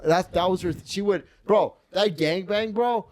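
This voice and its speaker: A man's voice: sits high, moderate pace, a little mellow, no room sound. A man in his twenties hosting a casual comedy podcast, telling crude, profane stories in a rambling way. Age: 20s. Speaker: podcast host.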